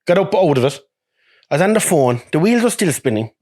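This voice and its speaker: A young Irish man, a truck driver, telling lively stories in casual chat, swearing and acting out what others said. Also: a little high, fairly quick. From Ireland. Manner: animated, swearing, acts out quoted voices with laughs.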